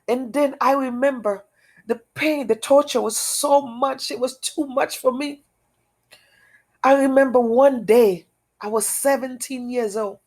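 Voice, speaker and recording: Slow, earnest higher-voiced woman. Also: darkish tone. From outside America. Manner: halting, repetitive, earnest. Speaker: testimony speaker. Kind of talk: emotional personal testimony.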